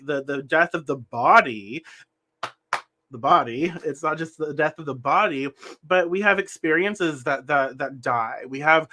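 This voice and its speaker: A young man gives a spiritual tarot reading in a slightly high, pushed and bright voice. He's earnest and meandering, often correcting himself and restarting sentences while talking with his hands.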